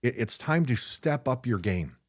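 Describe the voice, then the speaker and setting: A man's voice: medium pitch, lively intonation, normal speed. A middle-aged man hosting a podcast, giving a blunt, frustrated motivational talk off the cuff, often repeating his first words as he starts a sentence. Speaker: podcast host. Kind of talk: unscripted motivational monologue.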